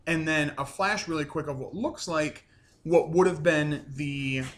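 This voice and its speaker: A man's voice: a little high, a little slow, a bit bright. A man casually recapping a TV episode at home, rambling with lots of fillers and casual swearing. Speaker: reviewer.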